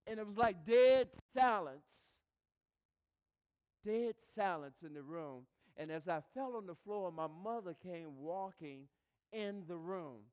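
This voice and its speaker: A man with a high voice delivers a live motivational speech to an audience. He tells his story with passion, dropping to a hush and then swelling to a shout. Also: smooth, big-room sound. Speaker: motivational speaker. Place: live event hall, in front of an audience.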